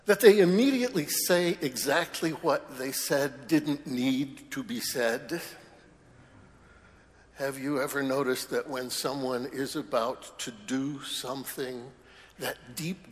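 A man preaching a sermon as a priest in a church, conversational with wry humorous asides. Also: medium pitch. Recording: long church reverb.

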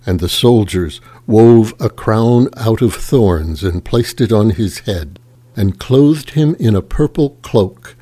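A man reading scripture aloud in a slow, measured and solemn liturgical manner. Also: lowish voice, lively intonation, warm tone. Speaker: scripture reader.

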